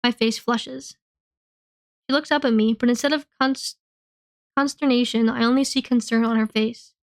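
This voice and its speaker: A woman reading a novel aloud in the first person, telling the story in an expressive, earnest way. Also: a little high, moderate pace. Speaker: reader.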